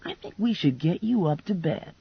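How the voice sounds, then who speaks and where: A woman reading an audiobook, voicing a blunt, teasing male cop in a husky, lowered voice. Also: sing-song, moderate pace, dry recording, full character voice. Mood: soothing. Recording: dull lo-fi dry recording.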